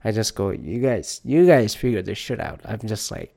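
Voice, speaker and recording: Podcast host, male, mid-pitched, smooth, clear voice; loose, profane rambling delivery, drained and under the weather. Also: sing-song, moderate pace, few pauses. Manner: rambling rant, swears often, retells with "I go like". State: low on energy, under the weather. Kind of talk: casual solo podcast chat.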